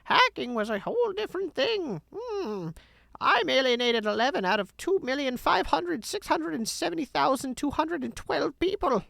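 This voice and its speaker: A woman putting on a slow, grumbling old man who complains about young people, with faint game music behind. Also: sits high, very animated, gravelly, fairly bright tone, dry recording, pitched above the performer's own voice, exaggerated voice.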